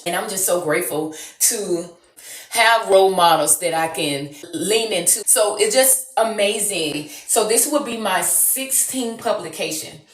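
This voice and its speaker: A woman vlogging, chatty and animated, talking straight to her viewers. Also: lowish voice, reverberant. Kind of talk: excited vlog chat.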